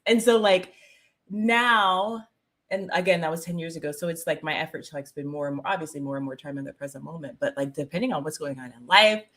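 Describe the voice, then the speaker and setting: A woman's voice: sits low, a little fast, fairly bright tone. A woman spiritual coach chatting casually on a live stream, laughing often, full of "like" and "um", and greeting viewers by name. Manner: filler-heavy with "like" and "um". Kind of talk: casual livestream chat.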